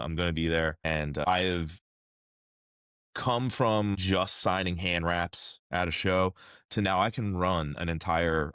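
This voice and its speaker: A man in his thirties, a combat sports inspector, telling stories in a casual interview with slangy, animated talk and frequent restarts. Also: sits low, no room sound, clean studio sound.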